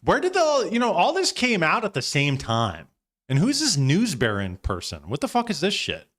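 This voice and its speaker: A man's voice: a little high, wildly swooping pitch, normal speed, a bit bright. A man hosting a live stream, giving loose, profane reaction commentary with frequent laughs.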